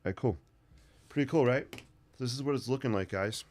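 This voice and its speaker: A man's voice: mid-range voice, fairly quick, a little mellow. A man hosting a casual painting tutorial, rambling through chatty asides as he works. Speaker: sketching channel host.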